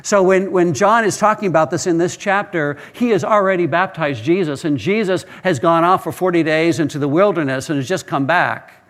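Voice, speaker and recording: A man's voice: fairly high pitch, a bit bright. A male pastor preaching a sermon, telling stories earnestly and often repeating words as he starts a phrase.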